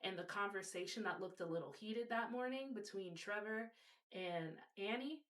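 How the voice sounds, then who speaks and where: A woman's voice: medium pitch, moderate pace. A woman hosting a video, casually explaining a topic and telling a story, speaking directly to her viewers. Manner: warm direct address to viewers.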